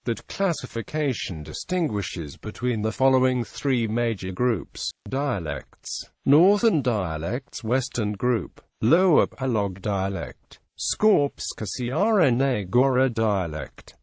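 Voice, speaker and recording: A man giving a scripted narration of an encyclopedia article, reading lists and names in an even, mechanical way. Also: mid-range voice, slow, few pauses, dry recording.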